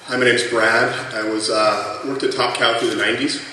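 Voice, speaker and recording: A man in his thirties tells chatty stories at a tribute panel, his voice filling a big, booming convention hall. He sounds distant from the mic. A noisy crowd murmurs behind him. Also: little pitch movement, moderate pace, pushed and bright. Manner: chatty, lots of fillers, laughs through the punchlines. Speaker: former colleague sharing memories. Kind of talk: anecdotal storytelling at a tribute panel. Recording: echoey hall from far off, noisy room.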